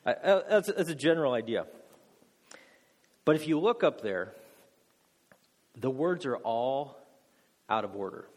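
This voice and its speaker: Man, pastor, teaching sermon, quizzes listeners, self-mocking jokes, mid pitch, long hall reverb. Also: expressive, a little slow, long pauses. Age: adult. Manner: joking, self-deprecating, quizzes the audience. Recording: long echo of a large hall.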